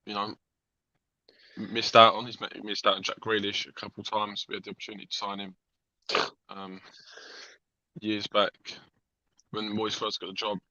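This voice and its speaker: A man's voice: lowish voice, level tone, normal speed, pauses often, pushed and bright, no echo. A man co-hosting a casual football chat, blunt, dismissive and sweary. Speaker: co-host. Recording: dull, dry lo-fi audio.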